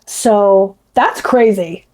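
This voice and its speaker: A woman's voice: medium pitch, very slow, a little mellow. A woman with a faint Bronx accent, rambling through casual commentary with many restarts. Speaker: commentary vlogger.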